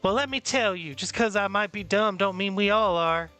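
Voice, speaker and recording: A woman's voice: mid-range voice, moderate pace, a bit bright, faint music behind, natural voice. Woman doing Lotta Hart, brash Southern drawl. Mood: scolding. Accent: put-on Southern US drawl. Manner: drawling, folksy, scolding. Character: brash Southern woman photographer, tough and touchy. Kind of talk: fan voice acting of a game.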